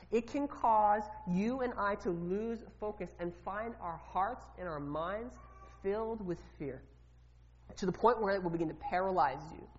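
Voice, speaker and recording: Woman preaching in an echoing hall. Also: medium pitch. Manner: conversational, questions the congregation, repeats words. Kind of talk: sermon. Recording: reverberant hall, dull lo-fi sound.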